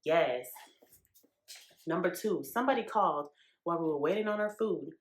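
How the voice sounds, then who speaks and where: A woman's voice: on the low side, moderate pace, echoey room. A woman from New York hosting a podcast, talking straight to her listeners in a casual, emphatic, slangy monologue. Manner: emphatic and animated, talks straight to the audience with slang. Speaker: podcast host.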